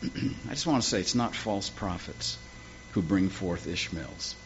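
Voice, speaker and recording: A man's voice: sits low, lively intonation, a little slow, slight background noise. A man preaching a sermon with folksy, humorous storytelling. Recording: dull lo-fi with faint ambience.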